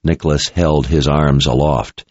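A man reading fantasy fiction aloud in a measured, dramatic storytelling style. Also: a bass voice, steady tone, no echo. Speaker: audiobook narrator. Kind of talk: scripted fantasy narration. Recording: dull lo-fi recording.

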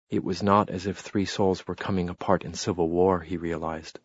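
Deep, husky male audiobook narrator. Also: steady tone, normal speed, hardly any pauses, no echo. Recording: dull, muffled recording.

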